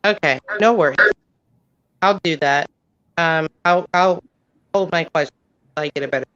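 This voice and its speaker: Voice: mid-range voice, moderate pace, a bit bright, dry recording. A defense attorney in a mock trial speaks hesitantly with many fillers. The voice is muffled and completely dry, as a video call carries it. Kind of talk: courtroom talk on a video call.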